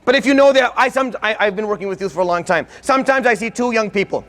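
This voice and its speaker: This Islamic lecturer, a man, speaks fast in a high-pitched, fairly bright voice. His religious lecture is earnest and emphatic, and he grows worked up as he urges his listeners on.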